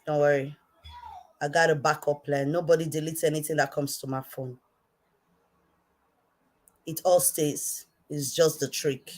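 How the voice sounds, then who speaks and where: A woman with a Nigerian accent and a low, weighty voice delivers an impassioned rant straight to camera. She hammers each point by saying it twice, dropping to a quiet, pointed tone and then flaring up into shouting. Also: steady tone, unhurried, long pauses. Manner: repetitive, emphatic, swinging from quiet to shouting. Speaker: online commentator.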